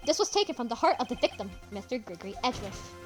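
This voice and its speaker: A woman's voice: fairly high pitch, big pitch swings, music in the background. A woman reading a confident young defense lawyer. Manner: measured, building to triumphant.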